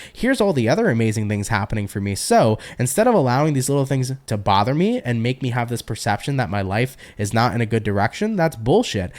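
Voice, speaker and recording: A man's voice: mid-range voice, darkish tone. A man giving a casual tarot reading to his viewers, chatty and talking to them directly. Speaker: tarot reader.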